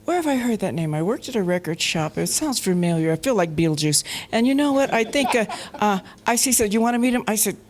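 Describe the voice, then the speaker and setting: A woman from Colorado, a panel guest, telling anecdotes in a lively way, laughing often and acting out the voices of the people she quotes. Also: medium pitch, fast talker, few pauses. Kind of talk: anecdotal storytelling. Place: festival panel stage.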